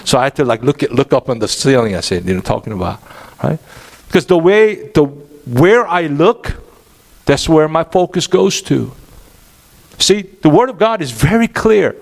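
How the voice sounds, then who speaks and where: Animated pastor preaching, man. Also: fairly high pitch, normal speed, vocal fry. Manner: animated, asks the congregation questions. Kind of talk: sermon.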